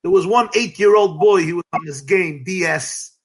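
A rabbi being interviewed, telling stories in a lively, emphatic way, sometimes breaking into shouts, with light laughs between phrases. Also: male voice, high-pitched, normal speed, slightly rough. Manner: lively, emphatic, bursts into shouting and chanted cries. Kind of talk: animated storytelling in an interview.

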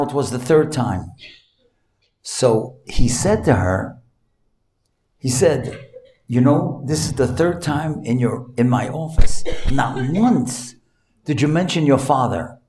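A man giving an animated storytelling talk to an audience, putting on a high voice for a child in his stories. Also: echoey room. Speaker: speaker telling stories to an audience.

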